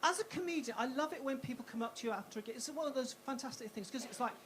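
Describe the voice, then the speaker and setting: A woman performing stand-up in a comedy club, her voice a touch higher than most women's. She fires off punchy lines, stumbles and restarts, and drops quick asides, speaking into a handheld stage mic. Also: expressive. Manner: punchy, self-interrupting delivery with quick asides. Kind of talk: stand-up routine.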